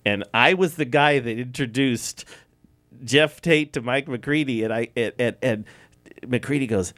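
A middle-aged man hosting a podcast, telling animated anecdotes in casual chat and often laughing. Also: mid-range voice, measured pace, dry recording. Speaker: podcast host.

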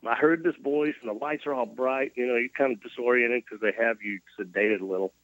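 A man's voice: medium pitch, fairly even intonation, a little fast, no echo, phone-quality sound. A man from Mississippi, recovering from a near-death scare, telling his story with folksy self-deprecating humor as an interview guest. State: recovering from cardiac arrest.

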